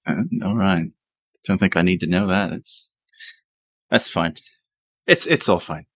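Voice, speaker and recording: A man running a tabletop game as game master, talking slowly and casually and swearing now and then. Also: low voice, husky, no room sound, clean studio sound. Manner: slow, relaxed, swears casually.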